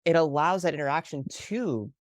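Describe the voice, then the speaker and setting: A man's voice: a little high, normal speed, dry recording. Thoughtful man podcast host, dry sound. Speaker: podcast co-host, relationship therapist. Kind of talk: casual explanatory conversation.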